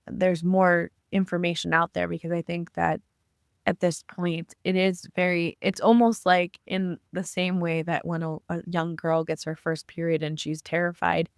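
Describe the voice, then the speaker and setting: A woman's voice: lowish voice, little pitch movement, moderate pace, creaky, clear, resonant tone, dry recording, clean studio sound. A woman co-hosting a podcast, speaking thoughtfully in long rambling sentences. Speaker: podcast co-host. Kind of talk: casual interview chat.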